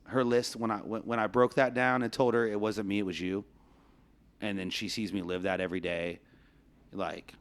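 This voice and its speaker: A man's voice: on the low side, little pitch movement, moderate pace, clean tone. A man hosting a podcast in casual chat, telling stories with frequent laughs and plenty of swearing. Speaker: podcast host.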